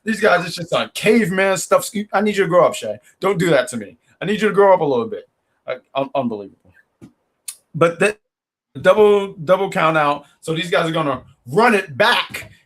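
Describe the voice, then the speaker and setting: A man's voice: high-pitched, lively intonation, brisk, fairly bright tone. A man co-hosting a casual wrestling review show from a home mic, joking and playing the bad guy. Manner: playful trash talk, playing the heel. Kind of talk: casual podcast review chat.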